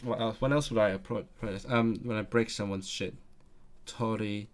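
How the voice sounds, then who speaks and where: A man's voice: on the low side, steady tone, normal speed. A man on a casual live stream, thinking aloud as he works through language exercises, hesitating often and repeating words.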